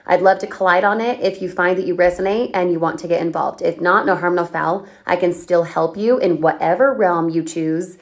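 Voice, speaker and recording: A woman coaching on a livestream, talking energetically and firing off questions at her viewers as she reads their comments. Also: on the low side. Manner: energetic, chatty, asks rapid questions. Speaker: online business coach.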